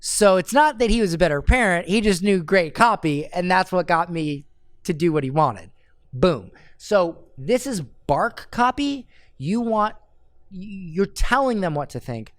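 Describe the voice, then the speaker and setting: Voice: medium pitch, animated, measured pace, no room sound, clean studio sound. A marketing coach giving a live, blunt critique of marketing copy, reading drafts aloud and picking them apart.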